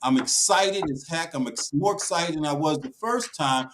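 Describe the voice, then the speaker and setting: A man's voice: on the high side, normal speed, fairly bright tone, slight background noise, poor audio. A man speaking emphatically on a talk show panel, with a preaching cadence that rises and falls.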